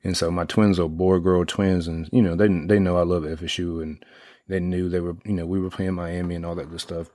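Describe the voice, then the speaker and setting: Deep-voiced rambling sports fan man. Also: fairly quick, no room sound. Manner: rambling, heavy on fillers and restarts, excitable when retelling plays. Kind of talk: casual sports talk.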